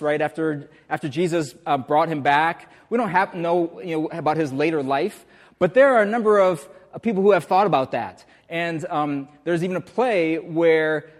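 Guy preaching casual sermon, kinda high voice, lots of ums and asking the room stuff, big church echo. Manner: chatty, uses hesitant fillers and rhetorical questions. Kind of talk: conversational sermon. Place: church sanctuary.

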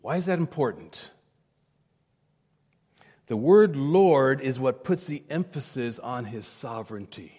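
A man's voice: medium pitch, animated, a little slow, pauses often, mellow, husky, big-room sound. A male pastor preaching a sermon emphatically, with repeated phrases and direct appeals to his listeners.

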